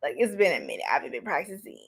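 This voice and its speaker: A young woman hosting a casual livestream, chatty and giggly, telling stories quickly with lots of fillers. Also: on the low side, huge pitch swings, vocal fry, breathy edge. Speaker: psychic reader and livestream host.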